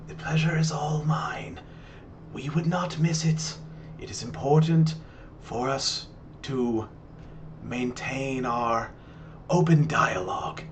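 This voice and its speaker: A man voicing an elderly noble grandmother, poised and formal, speaking in a soft, half-whispered, measured way. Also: mid-range voice, slight background noise, close to an everyday voice. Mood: gracious.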